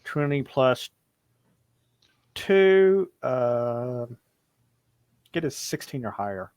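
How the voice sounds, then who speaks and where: A man's voice: mid-range voice, big pitch swings, drawn-out words, darkish tone, clean tone, dry recording. A man narrating a tabletop horror game as game master, telling the story in a loose, improvised way. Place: home streaming setup.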